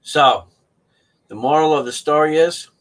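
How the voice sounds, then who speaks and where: A man's voice: a little high, a little slow, a bit bright. A middle-aged man hosting his own channel, telling a story in a folksy, casual way and laughing often. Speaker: channel host.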